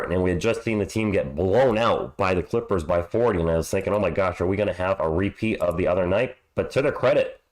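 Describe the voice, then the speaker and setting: Hoarse male live-stream host, slightly low voice, casual upbeat play-by-play chat. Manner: upbeat, chatty, greets viewers.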